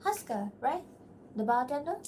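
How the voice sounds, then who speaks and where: Woman voicing a higher-pitched serious young barmaid with an accent. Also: big pitch swings, moderate pace, a little mellow, slight background noise. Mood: friendly. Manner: speaks with a put-on accent. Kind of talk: reading animatic script lines. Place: at home, seated.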